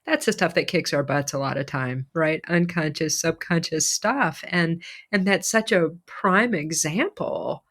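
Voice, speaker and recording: Low-voiced reflective woman podcast host. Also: unhurried, few pauses. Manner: reflective, warm listener, occasional giggles. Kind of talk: casual conversation.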